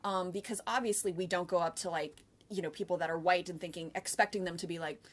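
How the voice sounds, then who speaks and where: A woman's voice: fairly low pitch, fairly even intonation, quick pace. An American woman co-hosting a podcast, talking earnestly in casual conversation and often asking "right?". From United States. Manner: earnest, talkative, explains with many "like" and "right?". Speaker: podcast co-host.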